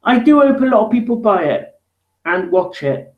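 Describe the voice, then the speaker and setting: High-voiced hesitant man, roomy echo. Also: sing-song, normal speed, narrow, tinny audio. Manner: hesitant, many fillers and restarts. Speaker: host. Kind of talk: casual chat.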